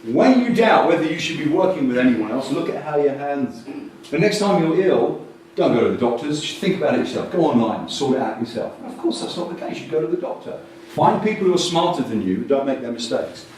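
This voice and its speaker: Man, conference speaker, lively swooping voice, fairly high, far off in a very echoey hall, faint hiss. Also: brisk. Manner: animated, jokey and blunt, with sudden loud bursts. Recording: distant echoey hall recording with faint noise.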